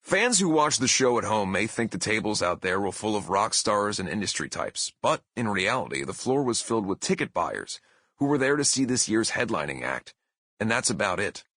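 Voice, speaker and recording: A man in his thirties reading his own memoir aloud as an audiobook, with expressive, emphatic storytelling. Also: fairly low pitch, normal speed, no echo. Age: 30s. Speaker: author narrating his memoir. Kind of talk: audiobook narration.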